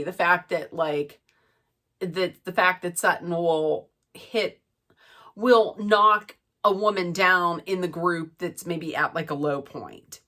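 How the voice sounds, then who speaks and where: Middle-aged woman, unhurried and chatty reality-TV recapper with a bright tone. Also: lowish voice. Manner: chatty, gossipy, animated retelling with asides. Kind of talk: casual recap chat.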